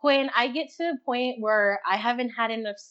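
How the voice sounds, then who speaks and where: A young woman in casual interview chat, talking fast and loosely, laughing often and acting out her own thoughts. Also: on the high side, a bit bright, dull audio. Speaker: guest.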